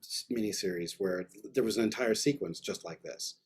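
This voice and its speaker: A man's voice: on the low side, fairly quick, a little mellow, a little hiss or hum. A man teaching an online art class, giving enthusiastic, rambling, slangy feedback over a video call. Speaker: art instructor.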